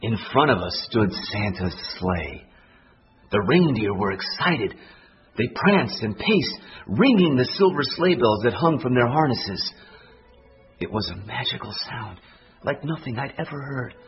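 A man narrating a children's Christmas story aloud in an expressive, storybook style. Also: mid-range voice, measured pace, breathy edge. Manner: expressive, animated reading. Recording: dull lo-fi recording, faint music.

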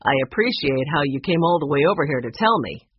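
A woman voicing a gentle, downcast middle-aged man in a storybook reading. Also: sits low, animated, brisk, breathy edge, no echo, heavily acted. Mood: worried. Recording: dull, muffled recording.

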